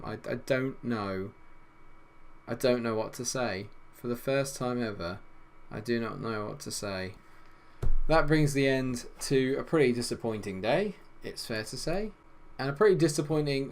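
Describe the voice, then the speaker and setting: A young man commentating on his football management game, swinging between loud exasperation and low grumbling. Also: a little hiss or hum. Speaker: gaming YouTuber.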